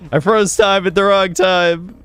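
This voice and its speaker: A man talks loosely on a podcast, piling up fillers and curses as he rambles. His voice sits a bit high and sounds dry and close. Faint music plays underneath. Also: fairly even intonation, slow, a bit bright, smooth, dry recording. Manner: rambling, profane, heavy use of "like". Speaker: podcast host. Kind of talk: casual gaming podcast chat.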